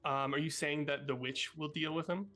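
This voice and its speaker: A man narrating a tabletop game as game master, unhurried and loose, with fillers along the way. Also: on the high side, steady tone, fairly bright tone.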